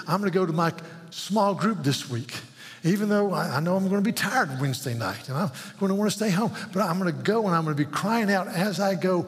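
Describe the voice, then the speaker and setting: Pastor guy preaching, kinda high voice, earnest and pleading, big church echo. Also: animated, fast talker. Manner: earnest, pleading, repeats words when stirred. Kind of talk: sermon. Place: church sanctuary. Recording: long hall reverb.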